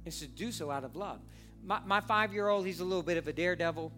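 Impassioned preacher, bright forceful male voice. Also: high-pitched, quick pace, soft background music. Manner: impassioned, swinging from hushed earnestness to fervent near-shouting. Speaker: pastor. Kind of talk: sermon.

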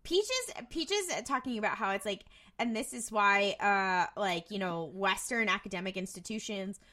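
A woman's voice: medium pitch, fairly even intonation, moderate pace, pushed and bright. A woman co-hosting a podcast, chatting casually about a TV episode with sarcastic asides. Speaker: podcast co-host. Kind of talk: casual recap chat.

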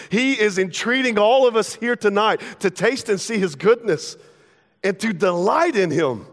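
A young man preaching a casual, playful sermon as pastor, slipping into everyday dialogue to make his points. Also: sits high. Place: church sanctuary. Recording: long hall reverb.

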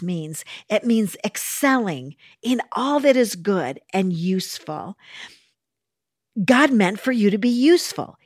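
A woman's voice: fairly high pitch, no room sound, clean studio sound. A woman preaching a sermon in an earnest, encouraging way, stressing her points with repetition.

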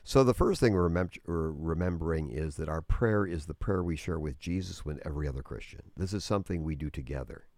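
Very deep-voiced man explaining earnestly. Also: brisk, hardly any pauses, darkish tone, dry recording, studio quality. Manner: earnest, explanatory, many restarts. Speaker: guest teacher on prayer. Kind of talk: conversational religious teaching.

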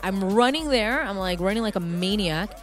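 A woman's voice: medium pitch, expressive, moderate pace, faint music behind. A woman from Canada telling a story in casual chat, acting out voices and swearing freely.

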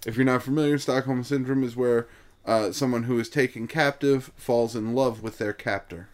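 A man hosting a casual movie quiz among friends, reading clues slowly and deliberately. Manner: reads clues slowly, lively pitch. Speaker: quiz host. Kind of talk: casual game chat.

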